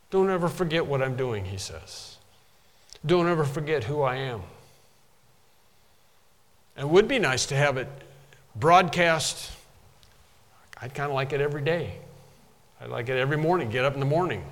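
A man's voice: on the high side, a bit bright, in a large hall. A man preaching a sermon, emphatic and repeating phrases to drive them home.

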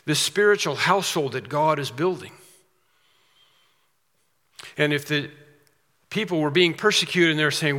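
A male pastor preaching with a bright, forceful voice pitched a little high. He drives his points home with rhetorical questions and repetition. The sound rings with long reverb, as in a church sanctuary. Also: a little slow, pauses often. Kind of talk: sermon. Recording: long reverb of a large hall.

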